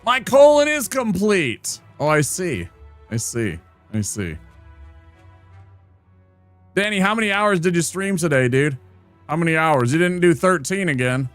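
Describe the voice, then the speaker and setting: A man's voice: a little high, sing-song, a little slow, pauses often, fairly bright tone, no echo, faint music behind. A man streaming and commenting on a game in a playful, teasing, chatty manner. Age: adult. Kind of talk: casual gameplay commentary.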